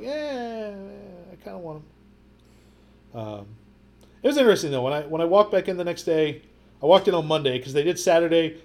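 Brief: man, mid pitch, podcast co-host, rambling anecdotal delivery, stumbles and restarts. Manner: rambling, repeats words, animated storytelling with quoted voices. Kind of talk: casual chat.

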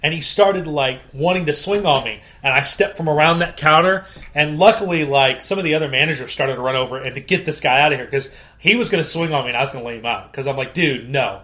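Male podcast co-host, thirties, a bit high-pitched, animated and foul-mouthed, plays every quote out loud. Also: fast. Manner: animated, profane, acts out quotes loudly. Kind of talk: casual storytelling chat.

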